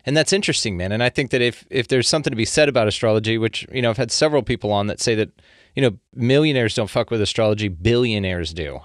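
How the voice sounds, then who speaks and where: A man's voice: on the low side, dry recording, studio quality. A man with a Southern US accent hosting a casual podcast chat, teasing and joking with some swearing. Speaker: podcast host.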